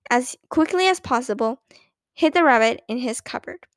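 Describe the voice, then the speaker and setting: A woman reading a children's story aloud with clear, expressive narration. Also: sits high, normal speed, no room sound. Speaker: audiobook narrator.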